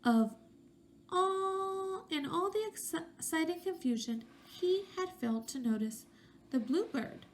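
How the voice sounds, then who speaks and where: A woman's voice: very high-pitched, animated, slow, a little hiss or hum. A woman teacher reading a picture book aloud to young children, stopping to ask questions and using voices for the characters.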